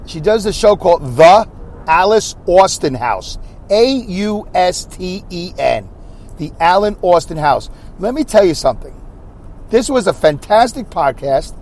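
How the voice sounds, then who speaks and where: A chatty New York-accented man from Brooklyn hosts his own podcast, wandering into asides and second-guessing himself as he talks. His voice sits a little high for a man. Faint traffic and street noise hum underneath. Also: very animated, unhurried, darkish tone. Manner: rambling, chatty, self-correcting with asides. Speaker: podcast host. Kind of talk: casual solo podcast chat.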